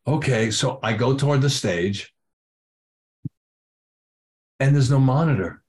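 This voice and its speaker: A man's voice: medium pitch, unhurried, pauses often, a little mellow. An older man, a drummer being interviewed, telling a story with lots of acted-out quotes and casual swearing. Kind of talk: animated anecdote telling.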